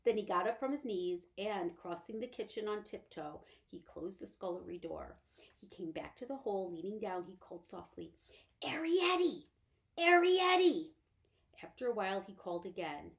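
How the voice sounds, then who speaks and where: A woman's voice: fairly low pitch, normal speed, gravelly. A woman reading a children's novel aloud as a library storyteller. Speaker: librarian reader.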